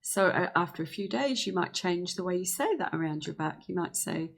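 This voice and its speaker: A woman giving a gentle, earnest spiritual healing talk, slowing down to speak affirmations. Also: on the low side, expressive, vocal fry. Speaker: spiritual teacher.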